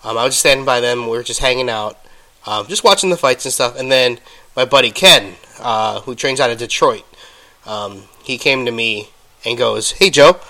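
A man hosting a podcast, telling a story in casual solo talk while getting over an illness, halting with many ums and restarts and stopping now and then to cough. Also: medium pitch, pushed and bright. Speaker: podcast host.

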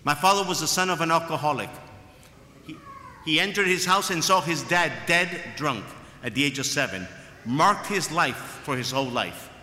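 Bright, lively-voiced preaching man. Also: a little high, normal speed, slight background noise. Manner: emphatic preaching with repeated phrases. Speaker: priest. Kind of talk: sermon. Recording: echoey hall with long reverb.

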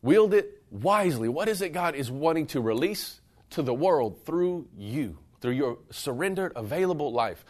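Speaking at a fairly high pitch and moderate pace, a pastor delivers a sermon to a live audience in church. His manner is animated and conversational, addressing the room head-on as he shifts from loud emphasis to soft, intimate moments.

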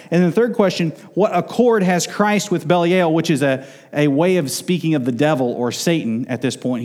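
A man preaching in a church, his voice sitting a little high for a man. He drives his points home by repeating words and slowing down on the key phrases. A long reverb from the big hall trails after every line. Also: darkish tone. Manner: emphatic, repeats words for emphasis. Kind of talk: expository sermon.

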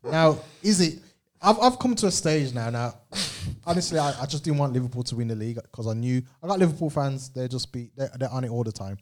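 Fast-talking man co-hosting. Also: mid-range voice. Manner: fast, animated, jokey, slangy. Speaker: co-host. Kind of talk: casual football banter.

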